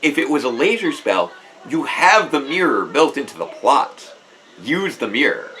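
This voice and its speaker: Animated man chatting on a live stream. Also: medium pitch, normal speed, slight background noise, poor audio. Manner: chatty, enthusiastic, with many restarts and laughs. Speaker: host. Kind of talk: casual live-stream commentary.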